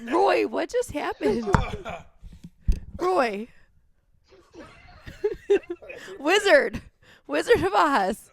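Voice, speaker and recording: Female co-host, puzzled questioner, high and animated. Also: extremely slow, gravelly, pauses often. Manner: bewildered, questioning. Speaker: podcast co-host. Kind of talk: casual chat.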